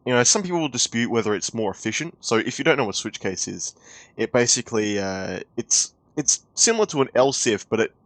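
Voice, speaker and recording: A man's voice: mid-range voice, lively intonation, brisk, fairly bright tone, no room sound. A young man giving a heated, profane commentary rant with exasperated outbursts. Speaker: YouTube commentator.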